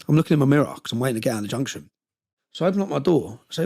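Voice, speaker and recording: Man, interview guest, gravelly and rapid, emotional rambling storyteller. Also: fairly high pitch, lively intonation, warm tone. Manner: passionate, rambling with restarts.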